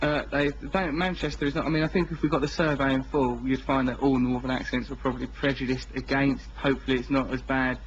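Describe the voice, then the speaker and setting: A man's voice: mid-range voice, flat delivery. Mocking Essex man hosting radio. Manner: mocking, quick with comic put-on voices. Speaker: radio host. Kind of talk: casual radio chat. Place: radio studio. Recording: dull radio broadcast with faint hiss.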